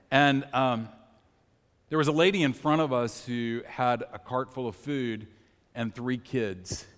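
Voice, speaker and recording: Conversational pastor preaching in a reverberant hall. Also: male voice, medium pitch. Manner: conversational, personal storytelling, asks the congregation questions. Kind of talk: sermon. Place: church sanctuary.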